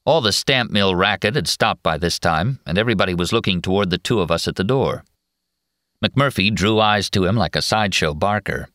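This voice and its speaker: Very deep-voiced male narrator. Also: no room sound, clean studio sound. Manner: steady, measured first-person telling. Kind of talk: audiobook narration.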